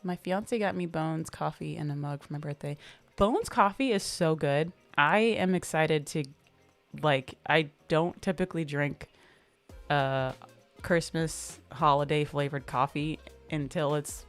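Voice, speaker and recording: Low-voiced woman hosting a chatty livestream. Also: soft background music. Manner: chatty, reads out and answers viewer comments; relaxed, upbeat, drawn-out fillers. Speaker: livestream host. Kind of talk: casual livestream chat.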